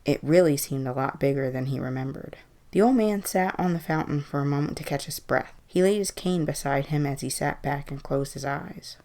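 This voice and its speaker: A woman reading a Halloween horror story aloud in an even, measured way. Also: sits low, gravelly.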